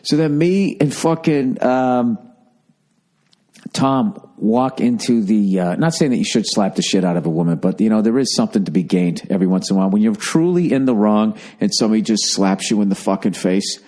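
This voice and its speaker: A man with a Boston accent tells a long story in a loose, profane, sarcastic way, like casual podcast banter. His voice sits low and dark, with a relaxed, mellow tone. He rambles and doubles back as he talks. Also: fast, few pauses. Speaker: podcast host.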